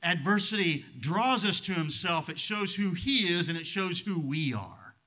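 A middle-aged man preaching a sermon as pastor, swinging from loud emphatic lines to hushed ones. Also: high-pitched, animated, a little slow.

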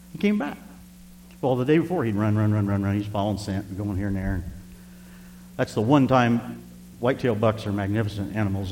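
A male preacher telling a personal story in a sermon, animated and speaking straight to the congregation. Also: on the low side. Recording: reverberant hall with faint hum.

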